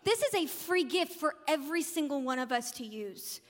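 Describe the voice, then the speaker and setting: A woman's voice: high voice, expressive, moderate pace. A woman pastor giving a conversational sermon, laughing at her own jokes. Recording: long hall reverb.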